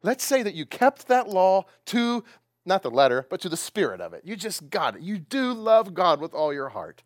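A man preaching a sermon with a lively, swooping delivery that rises and falls a great deal. His voice sits a little high for a man. He asks his listeners questions and often breaks into laughter, recorded close and dry with almost no room sound. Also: normal speed, no echo. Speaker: pastor.

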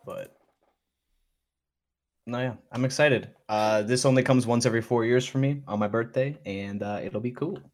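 A man's voice: medium pitch, fairly even intonation, moderate pace. A young man talking casually among friends. He stays laid-back and drops ironic remarks. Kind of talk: casual chat.

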